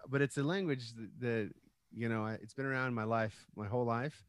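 A man from Texas with a Texan accent hosting a podcast, talking in a halting, rambling way and repeating words as he thinks. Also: mid-range voice, no room sound. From Texas, United States. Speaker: podcast host. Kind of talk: casual chat.

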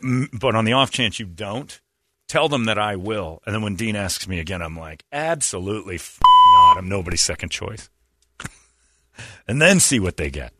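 A man hosting a radio show, telling a self-mocking story in casual chat, animated and quick to laugh. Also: low voice, husky, dry recording.

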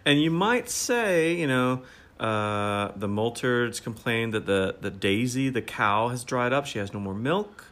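A man chats as a podcast co-host, his voice in a middling pitch. He talks with easy enthusiasm, cracks jokes, and uses plenty of fillers like "like" and "you know.". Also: lively intonation, unhurried, fairly bright tone. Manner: chatty, enthusiastic, joking. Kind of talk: casual chat.

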